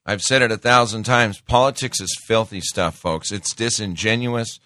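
Plainspoken middle-aged male talk host, preachy and opinionated; low voice, dry booth sound. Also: normal speed, sharp tone, no echo. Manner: folksy, plainspoken, calls listeners folks; preachy, quotes scripture. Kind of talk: opinionated political commentary.

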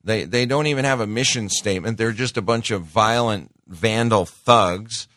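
A man's voice: fairly low pitch, normal speed, a bit bright, no echo, studio quality. A middle-aged man hosting a political talk show, delivering a sarcastic, ranting opinion monologue with mocking asides.

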